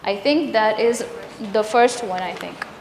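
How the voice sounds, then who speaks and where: A woman's voice: a little high, a little slow, slight background noise. A woman leading a live teacher workshop, patiently drilling sounds and quizzing the room. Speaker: workshop trainer. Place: large echoey hall. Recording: roomy hall reverb, faint ambience.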